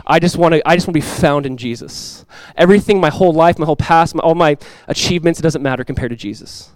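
A man in his thirties, a pastor preaching a sermon in an earnest, animated way. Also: fairly high pitch, quick pace, dry recording, poor audio.

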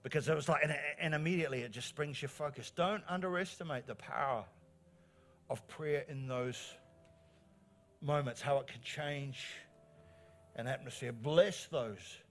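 A middle-aged man, preaching a sermon as pastor in an animated, encouraging way, repeating phrases for emphasis. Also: on the high side, moderate pace, faint music behind. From New Zealand.

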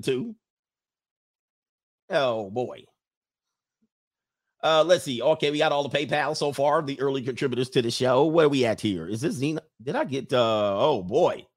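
A man in his forties or older hosting a live show and telling crude, slangy comic stories, now and then slipping into acted voices. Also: fairly high pitch. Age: 40s or older. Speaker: show host. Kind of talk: casual comedic commentary on a live show.

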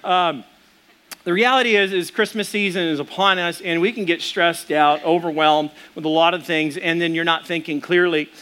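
A man's voice: fairly high pitch, steady tone, moderate pace, fairly bright tone, clean tone. A man in his thirties, a pastor preaching a sermon in a casual, storytelling way with asides to the congregation.

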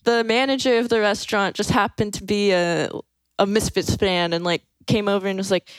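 A young woman, a podcast guest, tells a story in a laid-back, amused way, sprinkling in lots of fillers and little laughs. Her mid-range voice keeps fairly even intonation at normal speed, recorded cleanly on a close mic with no echo.

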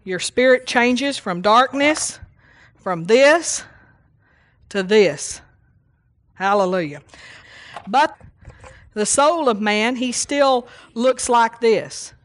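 A woman's voice: fairly high pitch, expressive, slow pace, long pauses. A woman preaching a sermon, reading scripture and teaching with emphatic repetition and call-outs to the congregation.

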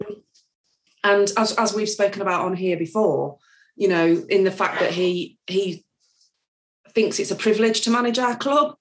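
A woman's voice: medium pitch, moderate pace, pauses often, slight background noise. A woman talking about football on a podcast. She talks in a hesitant way, with frequent ums and restarts. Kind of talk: casual chat.

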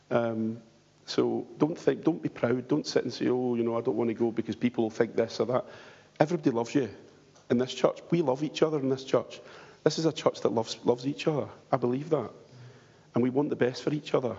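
A man's voice: mid-range voice, a little fast, gravelly, dark tone, slightly rough. A man preaching a sermon in church, earnest and pleading, asking the congregation rhetorical questions. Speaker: pastor. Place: church hall. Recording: dull lo-fi church hall recording with long reverb.

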